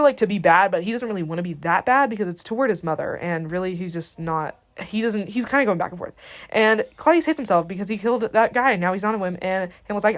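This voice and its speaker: A teenage girl giving a quick, slangy, casual retelling of a play for a school assignment, slipping briefly into the characters' voices. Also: mid-range voice. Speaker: student.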